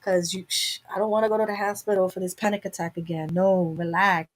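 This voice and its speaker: A woman's voice: mid-range voice, steady tone, quick pace, poor audio. Candid woman chatting on a home livestream. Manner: candid, rambling, talks to herself. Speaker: live stream host. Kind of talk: casual chat to viewers.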